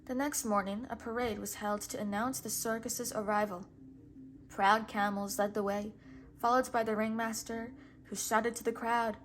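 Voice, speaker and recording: A woman reading a children's picture book aloud in a gentle, measured way. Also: a little high, steady tone, a little hiss or hum. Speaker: storybook reader.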